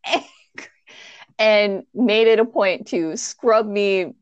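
A woman telling a childhood story in casual chat, animated, acting out the people in it with squeaky high voices and laughing at herself. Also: slow pace, no room sound, dull audio. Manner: self-mocking, laughs while telling.

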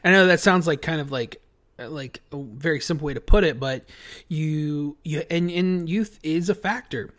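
A man's voice: a little high, moderate pace, fairly bright tone. A man co-hosting a casual sports chat who rambles and repeats his words. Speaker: podcast co-host.

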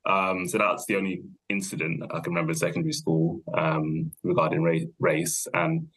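A young man, a podcast guest thinking aloud in a relaxed, rambling way, full of fillers and self-corrections. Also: low voice, normal speed, slightly rough. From London, England. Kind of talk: casual conversational interview.

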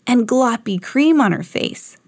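A woman voicing a matter-of-fact young schoolboy in a read-aloud storybook, slow and deliberate. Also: fairly high pitch, lively intonation, a little mellow, no room sound, clean studio sound, voice pushed up.

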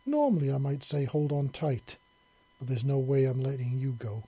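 A man's voice: mid-range voice, expressive, moderate pace, dark tone, slightly rough. A man voicing a powerful female alien hive queen, speaking in an intense, pleading way. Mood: tender.

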